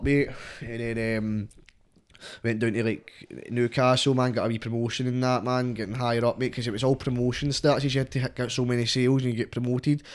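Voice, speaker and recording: A young man with a Glasgow Scottish accent, rambling and swearing in casual chat, with "mate" after nearly every phrase. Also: mid-range voice. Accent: Glaswegian Scottish. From Scotland. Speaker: guest rapper.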